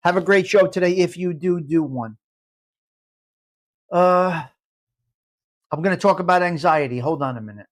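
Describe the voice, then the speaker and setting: A man's voice: high voice, moderate pace, long pauses. An older man hosting a casual live chat, rambling in a brash, profane way. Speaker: livestream host.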